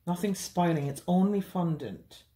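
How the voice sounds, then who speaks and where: A woman's voice: fairly low pitch, animated, moderate pace, warm tone. A woman teaching a beginners' cake decorating tutorial, chatty and reassuring. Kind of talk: hands-on baking tutorial.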